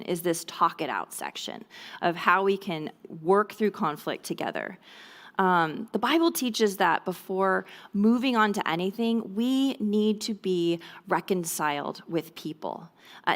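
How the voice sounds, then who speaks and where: A woman speaks to a room of mothers in a relaxed, conversational teaching style, her voice sitting at an ordinary middle pitch. She keeps checking in with her listeners and now and then slips into quick impressions of children. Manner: conversational, checks in with frequent "okay?" and "right?"; acts out children's voices in brief quoted lines. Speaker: speaker at a mothers' ministry talk. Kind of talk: church teaching talk on parenting.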